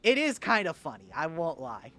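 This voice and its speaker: High, bright-voiced young male streamer. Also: very animated, moderate pace. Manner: joking, profane, laughs often at his own bits. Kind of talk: casual gaming livestream chat.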